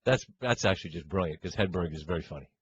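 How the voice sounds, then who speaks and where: A man's voice: deep voice, fast talker, highs cut off, slight background noise. A middle-aged man co-hosting a sports radio show, joking and teasing in casual banter. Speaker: co-host.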